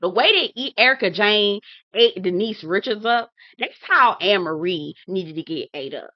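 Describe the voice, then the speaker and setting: A woman's voice: mid-range voice, moderate pace, no echo, highs cut off. A woman recapping a reality TV episode in casual, blunt, profane talk. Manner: sassy, blunt, profane, animated. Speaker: TV recap host.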